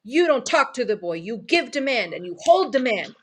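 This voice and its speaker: A woman's voice: fairly high pitch, very animated, moderate pace, breathy edge, voice pushed up. A woman imitating a middle-aged Italian man with a put-on Italian accent. She speaks his lines in broken English with eager, repeated yeses. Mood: stern recounting.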